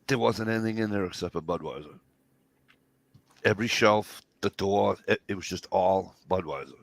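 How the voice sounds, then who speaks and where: Middle-aged man, rambling profane storyteller, low gravelly voice. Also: moderate pace, dry recording. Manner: rambling, profane, acts out dialogue. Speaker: podcast co-host. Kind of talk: casual storytelling chat.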